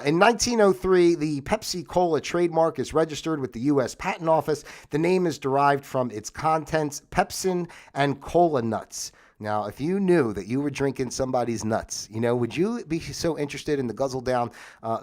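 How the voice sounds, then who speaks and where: A man's voice: on the high side, moderate pace. A man hosting a casual livestream, rambling through history notes with sarcastic asides and lots of fillers. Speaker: livestream host.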